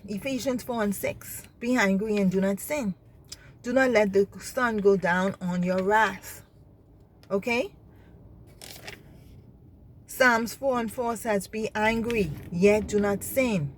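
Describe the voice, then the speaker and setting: A woman's voice: mid-range voice, slow pace, pauses often. Lady preaching-style talk, earnest, keeps asking if you understand, faint hiss behind. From Bahamas. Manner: earnest, repeats herself, asks "you understand?". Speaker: faith-based speaker. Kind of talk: impassioned spoken reflection.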